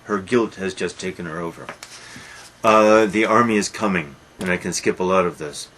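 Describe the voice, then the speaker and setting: A man with a lowish voice lectures on a play in a musing, emphatic way. He slows down and drops to a soft, low delivery when he reads quoted passages. A faint hiss runs under his voice. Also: rough recording. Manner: musing, emphatic, reads quotations slowly and softly. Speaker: literature lecturer.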